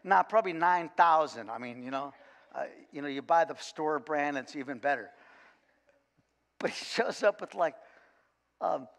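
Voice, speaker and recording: A man, a coach, giving a sermon in a church and telling a lively, funny story with frequent restarts. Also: on the high side, normal speed, creaky, long pauses. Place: church sanctuary. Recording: long church reverb.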